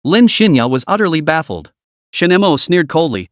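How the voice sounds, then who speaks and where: A man's voice: on the high side, very animated, moderate pace, no room sound, studio quality. A man narrating a comic recap story in a dramatic, scripted storytelling way.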